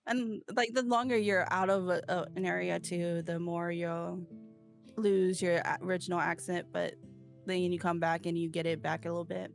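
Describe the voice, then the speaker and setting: A woman in casual chat, telling stories haltingly with many fillers. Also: on the low side, level tone, gravelly, soft background music.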